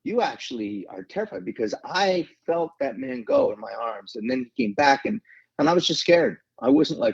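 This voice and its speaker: Gravelly, husky man telling a story. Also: fairly high pitch, sing-song, no echo. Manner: halting, earnest, many restarts. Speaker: actor guest. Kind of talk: emotional interview storytelling. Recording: dull lo-fi sound.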